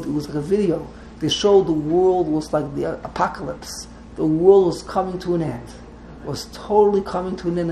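A man's voice: fairly high pitch, dark tone, a little hiss or hum, poor audio. A man teaching a text class to a small group, wandering off into side stories and restarting his sentences often. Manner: digressive, restarts often, mixes Hebrew terms.

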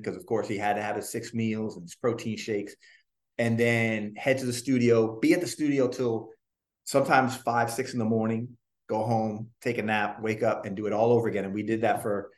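A man in an interview telling casual stories about his music career, rambling with restarts and the odd swear. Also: fairly low pitch. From Orlando. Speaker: guest, former boy band member.

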